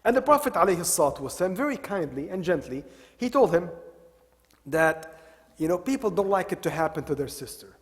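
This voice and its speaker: A man with a fairly high voice gives a religious talk, retelling stories and circling back to repeat his main phrases. His words ring out with a long reverb in a large hall. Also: sing-song, brisk. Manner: retells stories, repeats key phrases, mixes in Arabic devotional expressions. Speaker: religious lecturer. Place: Islamic center hall.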